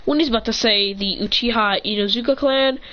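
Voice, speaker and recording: A woman's voice: on the high side, brisk, highs cut off. A woman telling an improvised fan-fiction story in a casual, rambling way, with swearing and many self-corrections.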